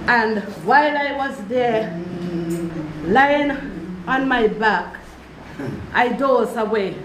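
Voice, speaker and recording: A woman's voice: fairly high pitch, slow pace. A woman telling a personal story as a tribute at a funeral service, earnest and repeating her phrases as she goes. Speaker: mourner giving a tribute. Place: church or hall at a funeral service. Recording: echoey room with background noise.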